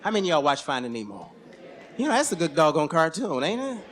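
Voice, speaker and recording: Guy telling a story live on stage, high voice, slangy and animated. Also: quick pace. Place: stage at a museum event.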